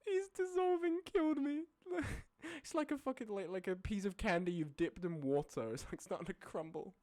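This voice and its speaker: A streamer casually ranking images, often breaking into high laughing fits and then dropping into low, sweary mutters. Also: animated, moderate pace, few pauses, darkish tone, dry recording, clean studio sound. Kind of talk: casual live-stream commentary.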